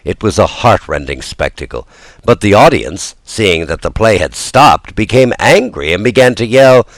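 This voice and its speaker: A man narrates a children's classic in a low, resonant-sounding register, his pitch rising and falling with theatrical life. The recording is close and dry, with no room sound. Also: moderate pace, no room sound. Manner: lively, theatrical delivery. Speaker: audiobook narrator. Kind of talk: expressive storybook reading.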